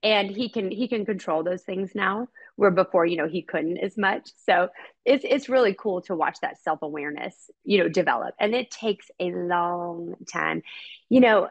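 A woman's voice: fairly low pitch, normal speed, creaky. A middle-aged woman speaking as a podcast guest about her son, candid and heartfelt, chatty, laughing now and then. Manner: heartfelt and chatty, laughs often, acts out quoted people. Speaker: guest, mother of an autistic son.

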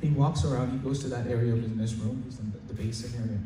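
A male student in his late teens doing stand-up comedy at school, chatty and stammering, loudly acting out his teachers. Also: mid-range voice, fairly even intonation, fast. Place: school hall with an audience. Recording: echoey hall recorded from far off. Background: audience laughter and room noise.

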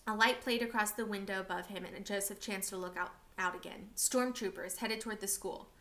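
A woman reading a novel aloud for a class, steady and expressive. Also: medium pitch, brisk.

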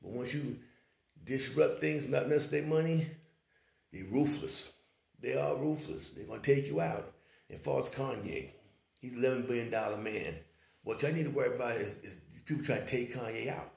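A man's voice: mid-range voice, normal speed, vocal fry, darkish tone, echoey room. A man talking in a casual commentary vlog, rambling and often asking whether you follow him. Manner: rambling, keeps saying "you know what I'm saying". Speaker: online commentator.

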